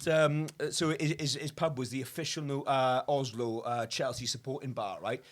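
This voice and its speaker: A man's voice: medium pitch, fairly even intonation, moderate pace, a crowd in the background. A man telling rowdy anecdotes in casual pub chat, swearing freely and laughing through his punchlines.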